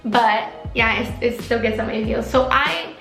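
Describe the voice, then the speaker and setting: A woman's voice: a little high, unhurried, gravelly, fairly bright tone, echoey room, soft background music, rough recording. A young woman in her twenties, a veterinary student, talking to camera in a personal vlog; chatty and emotional, at times close to tears. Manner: emotional, openly tearful at times; chatty with many likes and restarts.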